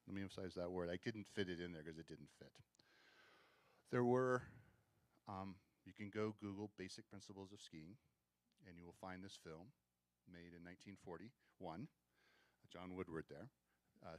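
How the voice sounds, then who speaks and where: Historian, male, low-pitched, dry close sound, wry and conversational, stumbles and restarts. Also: no room sound. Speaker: historian giving a museum talk. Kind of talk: casual lecture with slides. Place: museum event room.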